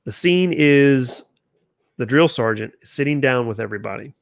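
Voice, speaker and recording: A man at an ordinary mid pitch hosts a casual livestream from a home studio, reacting to viewer comments as they come in. He talks loosely and chattily, often restarting his sentences. The sound is dry and close, with no room echo. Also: lively intonation, moderate pace, creaky. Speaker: channel host.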